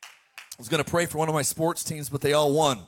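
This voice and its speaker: A middle-aged man's high, bright voice carries a sermon at a fairly quick pace, with some chatter and slight background noise behind him. He's a pastor telling family stories with lively energy, constantly inviting the congregation to respond.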